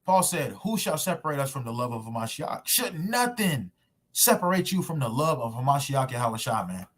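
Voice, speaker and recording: A man's voice: medium pitch, sing-song, normal speed. A man preaching a sermon to camera in casual slang, pressing his points with rhetorical questions. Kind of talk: street preaching sermon video. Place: at home recording himself with screen share.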